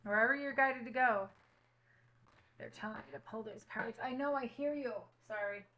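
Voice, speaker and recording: A woman's voice: fairly high pitch, moderate pace, highs cut off. A woman reading tarot cards for her viewers, earnestly reassuring them and repeating affirmations. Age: adult with a child at home. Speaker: tarot reader.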